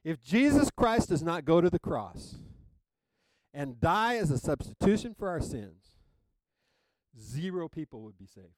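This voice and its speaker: A male pastor delivering a sermon at an unhurried, deliberate pace. He leans hard on key words and reads hymn lines aloud with growing emphasis, calling for amens. The recording is close and dry. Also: a little high, sing-song, no echo, poor audio. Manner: asks the congregation for amens.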